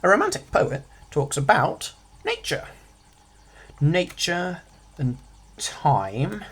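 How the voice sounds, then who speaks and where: A man with a husky, slightly breathy voice talks through a poem for exam revision. He keeps it light, dropping quick sarcastic jokes between his points, and his pitch sits in a middling range. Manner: jokey, with quick sarcastic asides. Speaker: revision tutor. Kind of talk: casual revision lesson.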